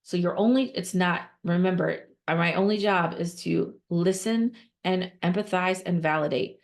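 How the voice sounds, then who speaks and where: Woman talking fundraising on a podcast, slightly low voice, keeps repeating points, lots of quick restarts. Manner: emphatic and repetitive, with quick restarts and rhetorical questions. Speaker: guest nonprofit fundraising consultant. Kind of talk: conversational podcast advice.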